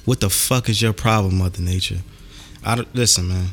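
A man's voice: fairly low pitch, fairly even intonation, fairly quick, faint music behind. A man hosting a podcast in casual chat, ranting animatedly and cursing a lot. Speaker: podcast host.

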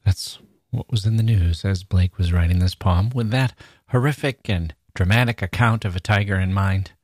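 Lively low-voiced man discussing poetry. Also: normal speed, slightly rough. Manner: enthusiastic, emphatic, reads aloud with relish. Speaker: podcast host. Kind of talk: literary podcast talk with dramatic readings.

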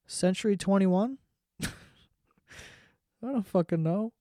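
A man's voice: sits high, takes it slowly, long pauses, mellow, dry recording, studio quality. A man hosting a solo podcast in a casual comedic rant, profane, sarcastic and rambling. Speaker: podcast host.

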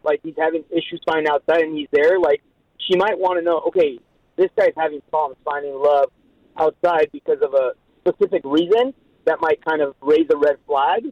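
A man's voice: a little high, a little fast, no room sound. Hesitant man, slightly dull radio sound. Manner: hesitant, lots of "like". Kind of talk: casual radio talk.

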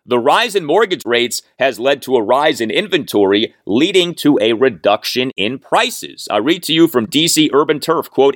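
Animated, wry podcast host. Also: male voice, mid-range voice, dry recording, clean studio sound. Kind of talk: sports podcast commentary.

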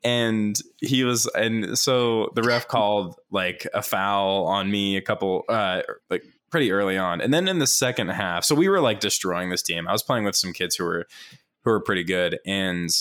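A young man telling a long story in casual chat, full of "like" fillers, laughing often and jumping up in pitch to mimic people. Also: normal speed. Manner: animated, mimics others in higher voice.

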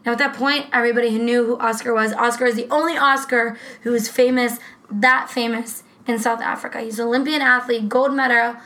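A woman co-hosting a casual true-crime podcast, talking in a rambling, profane, animated way. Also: on the high side, a little fast, poor audio. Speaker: podcast co-host.

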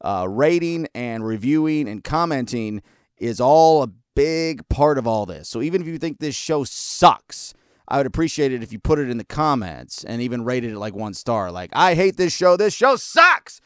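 A man's voice: medium pitch, expressive, moderate pace, clean tone, dry recording, clean studio sound. A man hosting a podcast, delivering a blunt, sarcastic talk-radio monologue. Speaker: podcast host.

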